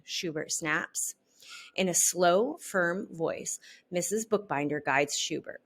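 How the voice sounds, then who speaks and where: A woman reading a children's storybook aloud in an expressive, unhurried way. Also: on the low side. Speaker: storybook reader.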